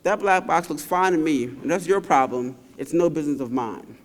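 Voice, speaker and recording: A man's voice: a little high, expressive, moderate pace, close to an everyday voice. A man doing a shrugging, selfish chicken. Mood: dismissive. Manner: dismissive, shrugging. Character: indifferent self-centered chicken. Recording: reverberant large hall.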